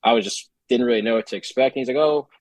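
A young man, a baseball player, telling stories in a relaxed casual interview with lots of fillers. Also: medium pitch, fast, no echo, poor audio. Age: young adult. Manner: relaxed storytelling with many fillers.

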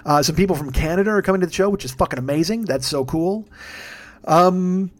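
This podcast host is a weary comedian recording late at night, yawning as he wanders through plugs for his shows with plenty of cursing and self-mockery. His voice is high and his pace a little fast.

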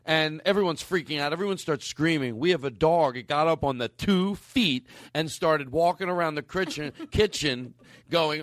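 A man's voice: fairly high pitch, moderate pace, fairly bright tone, dry recording, studio quality. A man hosting a comedy podcast, improvising a wild, silly story. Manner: playful, spins absurd stories. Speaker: podcast host.

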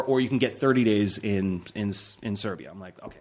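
Animated male storyteller, lively pitch. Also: fast talker, hardly any pauses. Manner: animated storyteller, acts out quotes with big pitch jumps. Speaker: film director, podcast guest. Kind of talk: casual chat, anecdote telling.

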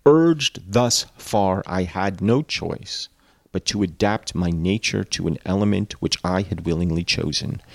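Man reading as a bitter monster, brooding, anguished, deep slow hushed voice, low and dry, storybook reading. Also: gravelly, dry recording, full character voice. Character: brooding bitter male creature, anguished and remorseful.

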